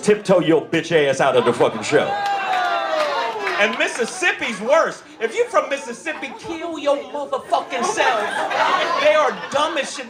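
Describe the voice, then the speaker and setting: On a comedy club stage, a man with a high-pitched voice performs a brash, profane stand-up set, dropping into mocking voices. The recording is very noisy, filled with loud crowd laughter from the live club.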